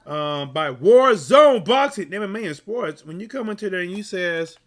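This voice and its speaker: Male live-stream sports host, casual and animated, repeats himself and hypes the chat, slightly raised pitch. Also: normal speed. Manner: animated, repetitive, hyping the chat.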